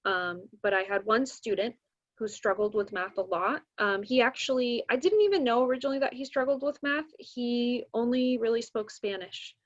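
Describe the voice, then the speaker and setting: A young woman tells a story on a podcast in a casual, animated way and slips into the voices of the people she quotes. Her voice sits a little high. The recording sounds dull and lo-fi. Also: normal speed. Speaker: math teacher, podcast guest.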